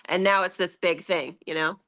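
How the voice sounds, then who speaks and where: Chatty woman with a bright voice. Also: on the low side, fairly even intonation, normal speed. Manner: chatty, frequent laughs and fillers. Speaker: meeting participant. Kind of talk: casual group conversation.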